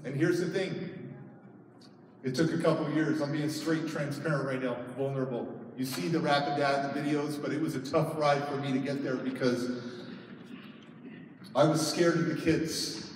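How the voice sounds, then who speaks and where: A man's voice: on the high side, fairly even intonation, normal speed, slight background noise. A middle-aged man giving a personal storytelling speech at a conference, emotional, his voice rising sharply when he retells arguments. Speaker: conference speaker. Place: large conference hall. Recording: echoey hall, heard from far off.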